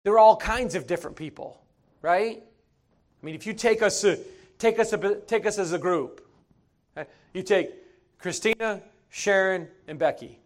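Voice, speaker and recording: Male pastor, high voice, animated folksy storyteller from the pulpit. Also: normal speed. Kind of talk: sermon.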